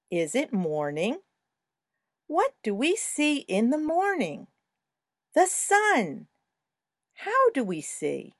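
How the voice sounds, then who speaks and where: A woman giving a slow, scripted language lesson in a clear, sing-song teaching voice. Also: mid-range voice, no echo, clean studio sound.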